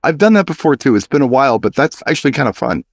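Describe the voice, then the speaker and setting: A man's voice: mid-range voice, very animated, fast, no echo, clean studio sound. A man who works as a wedding DJ, chatting casually and playfully acting out his crowd banter. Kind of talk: casual chat.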